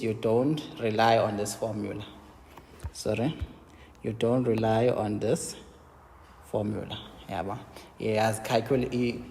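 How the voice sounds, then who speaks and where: A man with a South African Xhosa accent teaching an engineering lesson, mixing English and Xhosa, explaining step by step and answering his own questions with quick checks like "yabo?". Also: lowish voice, a little mellow, big-room sound, slight background noise. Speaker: engineering lecturer.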